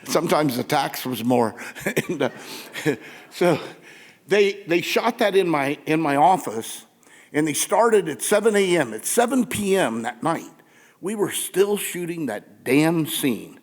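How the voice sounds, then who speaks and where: A man's voice: a little high, unhurried. Older guy telling stories to a crowd in a theater, laughs a lot, does the voices, long hall echo. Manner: animated, laughing, acts out quotes. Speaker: conference speaker telling stories. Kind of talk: casual storytelling to a live audience. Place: large theater with audience. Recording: long reverb from a big hall.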